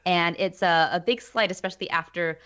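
A woman's voice: on the low side, a little fast, a bit bright. A woman on a film podcast panel, opinionated and casual, with frequent fillers and restarts. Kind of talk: casual chat. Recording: dull lo-fi audio.

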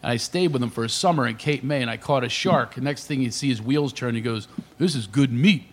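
A male comedian telling animated family stories as a guest on a radio talk show, laughing often. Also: medium pitch, fast. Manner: animated, laughing, imitates his dad and others.

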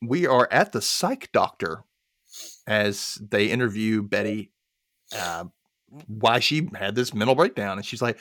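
A man's voice: fairly low pitch, measured pace, no echo, studio quality. A man hosting a podcast, casually recapping a movie and acting out the quotes. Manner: animated storytelling with acted-out quotes. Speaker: podcast host.

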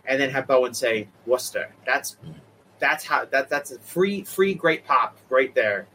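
Boston guy co-hosting a wrestling chat, bright punchy voice, gets worked up, faint hiss. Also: medium pitch, animated, measured pace, poor audio. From Boston area. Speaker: co-host.

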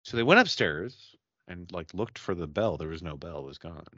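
A man hosting a casual podcast, telling a story in a loose, profane, animated way while hanging out and drinking. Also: low voice, normal speed, no echo, muffled recording. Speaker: podcast host.

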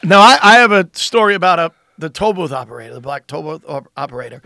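A man's voice: fairly high pitch, lively intonation, fast talker, creaky, a crowd in the background. A male comedian telling anecdotes in casual chat, rambling and restarting as he goes. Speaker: stand-up comedian.

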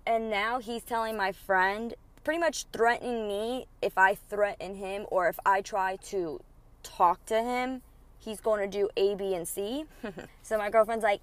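A woman's voice: mid-range voice, normal speed. A young woman hosting a podcast, heatedly retelling a feud in casual, profane storytelling with lots of quoted back-and-forth. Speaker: podcast host.

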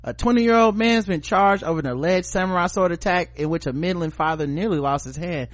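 Here a male podcast host jokes his way through news items, cursing and laughing a lot as he reads them out. He speaks a little fast in a high register, and there's no room sound at all.

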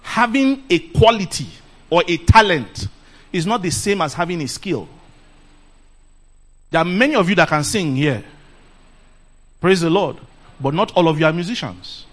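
Animated Nigerian preacher, higher voice. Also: male voice, moderate pace, long pauses. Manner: animated, laughs often, calls "Praise the Lord". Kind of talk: lively sermon. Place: church camp meeting.

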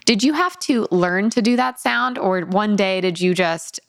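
A woman hosting a podcast, teasing her guest with quick deadpan jokes. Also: mid-range voice, creaky, no room sound, clean studio sound. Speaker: podcast host. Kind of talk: casual chat.

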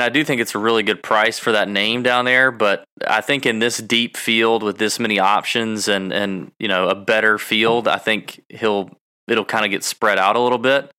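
A man's voice: lowish voice, moderate pace, pushed and bright, clear, resonant tone. A man co-hosting a casual golf fantasy podcast, teasing his partner with a ribbing, joking manner. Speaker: podcast co-host. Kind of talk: casual sports betting chat.

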